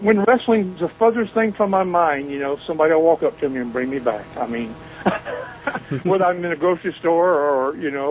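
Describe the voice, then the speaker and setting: A middle-aged man from Mobile, Alabama, speaks with a Southern US accent as a guest in a phone interview, telling boisterous, folksy, joking stories. His voice is a little high, and the audio has its highs cut off along with a little hiss or hum.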